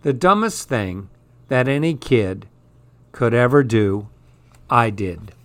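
A man hosting a radio program, reading children's stories and poems aloud with expressive delivery. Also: medium pitch, slow pace, no room sound.

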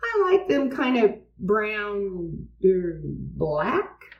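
A woman's voice: mid-range voice, very animated, very slow, highs cut off, exaggerated voice. A woman voicing a cheerful, easygoing young boy in a storybook reading, recorded in a roomy space. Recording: roomy, distant mic.

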